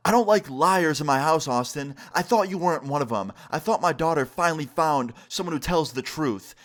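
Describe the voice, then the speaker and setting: A man's voice: a little high, animated, fairly quick, fairly bright tone. A man doing a screaming, furious mother. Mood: accusing. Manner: screaming, accusatory. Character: furious middle-aged mother, accusing.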